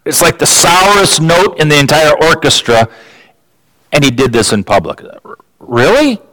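A man preaching a sermon, building emphasis with sudden rises in pitch and repeating words as he restarts his phrases. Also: lively intonation, normal speed, sharp tone, no echo, poor audio.

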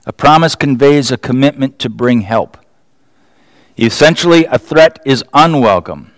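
A man's voice: medium pitch, lively intonation, measured pace, dry recording. A man preaching a sermon in a conversational way, often asking rhetorical questions and chuckling. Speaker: pastor.

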